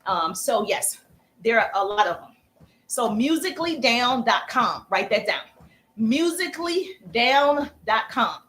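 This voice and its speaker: A woman coaching viewers on a live stream, chatty and energetic, breaking off to thank viewers as she teaches. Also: fairly high pitch, moderate pace, a little hiss or hum. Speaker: social media coach.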